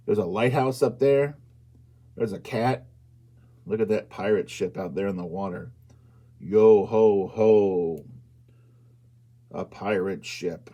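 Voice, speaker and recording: A man reading a picture book aloud to young children at storytime, asking them questions and bursting into loud exclamations. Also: lowish voice, breathy edge.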